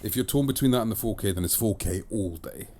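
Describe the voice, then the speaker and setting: Chatty male host, slightly low voice, talks in emphatic repeated phrases. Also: fast talker, mellow. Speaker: podcast host and disc reviewer. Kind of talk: casual chat.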